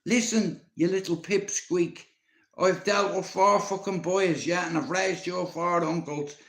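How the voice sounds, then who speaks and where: A man's voice: high-pitched, fairly even intonation, a little slow, gravelly, voice pushed up, full character voice. A man from Dublin voicing his strict, Bible-bashing, foul-mouthed old granny, scolding sharply. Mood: furious. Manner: scolding, sweary, raised and sharp. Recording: roomy echo.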